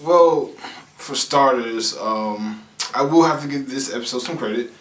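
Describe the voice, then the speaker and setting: A man's voice: medium pitch, measured pace, roomy sound, slight background noise. A young man co-hosting a casual show, joking around and hesitating with fillers as he looks for words. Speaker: podcast co-host. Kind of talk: casual chat.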